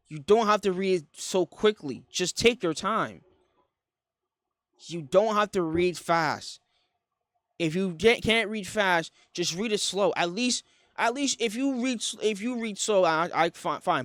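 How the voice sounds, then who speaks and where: A young man hosting a reaction video, talking in a lively, exclamatory way, often stumbling, repeating and correcting himself. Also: sits high, no echo, studio quality. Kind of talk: reaction commentary.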